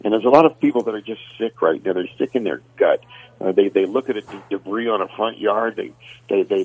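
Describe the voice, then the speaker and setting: Husky man on a tinny phone line. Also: fairly low pitch, dry recording. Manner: conversational, repeats words when thinking aloud. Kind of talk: faith radio talk.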